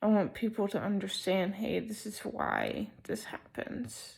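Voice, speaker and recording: A young woman talking slowly in a casual personal vlog, hesitant with many pauses and ums, sounding sleepy and not fully awake. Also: medium pitch, wildly swooping pitch, vocal fry, a little mellow. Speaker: vlogger.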